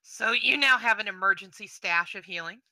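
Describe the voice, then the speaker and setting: A woman running a tabletop game as game master, calmly guiding the players and narrating outcomes. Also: mid-range voice, dry recording. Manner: measured, guiding players through the scene.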